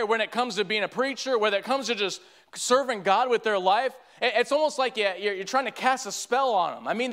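A man's voice: very high-pitched, fairly bright tone. A man, preaching a sermon earnestly and often restarting his sentences. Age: 30s.

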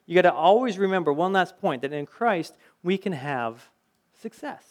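A man's voice: sits high, animated, moderate pace. A middle-aged man preaching a sermon in a conversational way, mixing scripture with personal anecdotes and rhetorical questions. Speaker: pastor.

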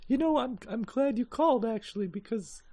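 A man's voice: extremely high pitch, animated, a little fast, warm tone, full character voice. A man voicing a courteous, apologetic contact from an activist group in a tabletop game.

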